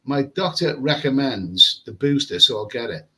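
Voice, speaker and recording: Bright-voiced rambling man. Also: mid-range voice, animated, moderate pace, rough recording. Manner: rambling, repeats words, chatty. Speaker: travel vlogger. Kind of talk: casual live stream chat reading comments. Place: hotel room with air conditioning.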